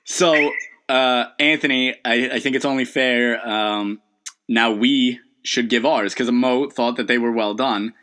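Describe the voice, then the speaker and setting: A man co-hosting a podcast in casual chat, laughing often and talking in halting bursts with fillers. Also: mid-range voice, fairly even intonation, pushed and bright. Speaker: podcast co-host.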